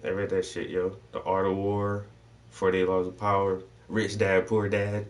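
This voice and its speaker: Laid-back low-voiced man, loose and profane. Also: little pitch movement, moderate pace, recorded from a distance. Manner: loose, swearing storyteller voicing people in his stories. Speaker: host. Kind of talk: casual chat.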